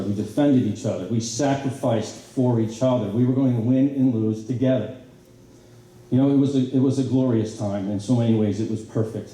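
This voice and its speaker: A middle-aged man giving a banquet speech, telling stories in an animated way with many fillers and restarts. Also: fairly low pitch, a little hiss or hum. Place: banquet hall. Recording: very echoey hall from a distance.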